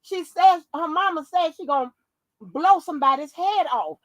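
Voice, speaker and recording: This is a woman with a high-pitched voice in a dry, close recording. She is riffing through casual vlog commentary. She is animated and profane and keeps laughing. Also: normal speed, no room sound, poor audio. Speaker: YouTube commentator.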